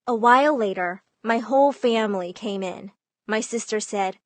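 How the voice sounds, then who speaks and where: Lively woman storytime narrator. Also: fairly high pitch, normal speed, no echo. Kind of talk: first-person storytime narration.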